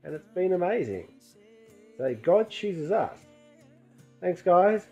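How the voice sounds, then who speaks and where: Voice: mid-range voice, animated, takes it slowly, darkish tone. A presenter giving a short, friendly, earnest testimony to children on a church show. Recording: dull lo-fi sound with faint music.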